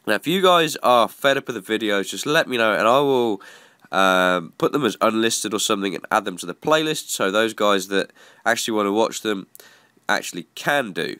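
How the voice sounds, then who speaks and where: A man's voice: fairly low pitch, animated, moderate pace, sharp tone, clean tone, dry recording, clean studio sound. A man with a congested cold voice, giving chatty, self-mocking gameplay commentary. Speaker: gaming YouTuber.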